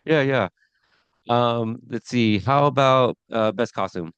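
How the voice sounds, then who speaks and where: A man's voice: medium pitch, slow, smooth, no room sound, muffled recording. A man co-hosting a podcast review of a TV episode, talking casually with lots of fillers and restarts. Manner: chatty, many fillers and restarts.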